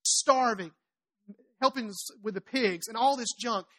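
A woman with a fairly high voice preaches a sermon a little slowly, retelling the story in an animated way. She acts out the characters' lines and tosses chatty asides to the congregation.

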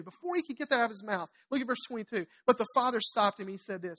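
Woman preacher with a somewhat high voice, animated storyteller who acts out the characters' lines in her sermon. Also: fast. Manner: chatty asides to the congregation.

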